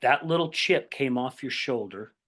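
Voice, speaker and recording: Animated man telling a story, "right?". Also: medium pitch, moderate pace. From Utah, USA. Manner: animated storyteller, acts out quoted voices, says "right?" often. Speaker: podcast host. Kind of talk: conversational interview storytelling.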